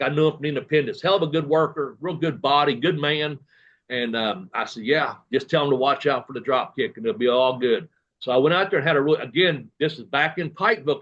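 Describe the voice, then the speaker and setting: A man's voice: mid-range voice, highs cut off. A man, a guest telling long, rambling stories full of quoted dialogue and fillers in a casual interview. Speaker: guest, retired professional wrestler.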